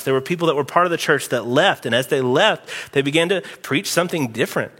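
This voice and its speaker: High, bright-voiced preacher man, animated. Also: fast talker, few pauses. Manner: animated, emphatic preaching with sudden loud outbursts. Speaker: pastor. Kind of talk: sermon. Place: church sanctuary. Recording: long hall reverb.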